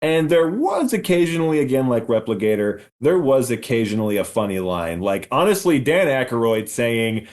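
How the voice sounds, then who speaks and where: A man's voice: medium pitch, normal speed, few pauses. A man co-hosting a movie podcast, ranting about a bad film with lots of swearing and rising exasperation. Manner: ranting, profane, animated. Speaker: podcast co-host. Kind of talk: casual movie review chat.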